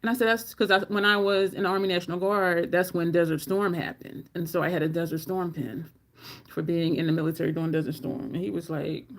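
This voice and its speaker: A middle-aged woman telling personal stories casually, laughing often and mimicking others in a squeaky voice. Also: steady tone, fairly quick. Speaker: storytelling vlogger.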